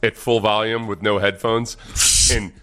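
An American man co-hosting sports radio, telling animated stories and laughing at his own jokes. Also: fairly low pitch, measured pace. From United States. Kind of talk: casual radio chat. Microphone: studio microphone.

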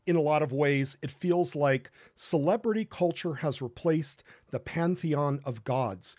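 A man hosting an online faith talk show, speaking earnestly and pausing on fillers. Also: on the high side, darkish tone, no echo, clean studio sound. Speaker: host.

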